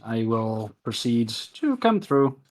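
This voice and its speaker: A man playing a tabletop role-playing game, speaking in a calm, matter-of-fact way. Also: medium pitch, slow pace. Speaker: player. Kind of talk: casual tabletop play.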